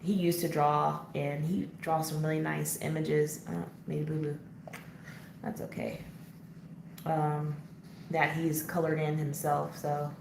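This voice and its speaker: A woman's voice: sits low, completely flat delivery, measured pace, vocal fry. A woman hosting a casual live coloring chat, answering viewer comments as she works and laughing often. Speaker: coloring channel host. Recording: echoey room, faint background noise.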